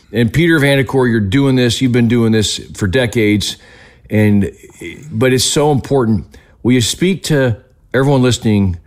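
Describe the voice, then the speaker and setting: A man's voice: medium pitch, normal speed. A man hosting an interview, talking in an enthusiastic, encouraging way. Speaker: host. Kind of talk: conversational interview.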